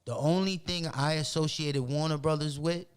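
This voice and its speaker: A man's voice: on the high side, normal speed, clean tone. Profane man telling stories. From Roxbury, Boston. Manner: profane, animated storyteller. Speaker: podcast guest. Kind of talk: casual storytelling.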